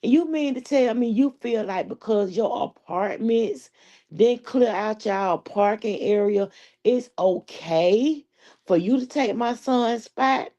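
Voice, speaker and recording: A woman's voice: fairly high pitch, slow pace, warm tone. A woman hosting a live stream, telling a story in a sassy, profane, laughing way. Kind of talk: casual live-stream commentary.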